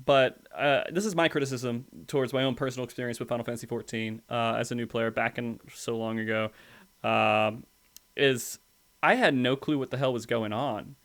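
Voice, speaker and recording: Man, podcast host, easygoing questions, relaxed chat. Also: mid-range voice. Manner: easygoing, questioning, quick to laugh along. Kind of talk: casual podcast interview.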